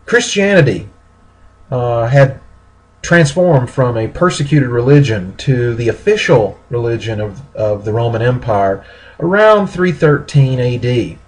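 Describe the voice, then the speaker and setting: Husky-voiced male history lecturer. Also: mid-range voice, rough recording. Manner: steady explanatory pace with pauses and self-corrections. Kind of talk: recorded classroom lecture.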